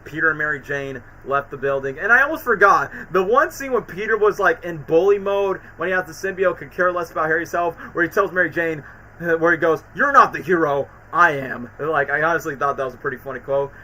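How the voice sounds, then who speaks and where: Streamer, male, bright and somewhat high, excitable recapper who acts out the scenes. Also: fast, poor audio. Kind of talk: casual commentary.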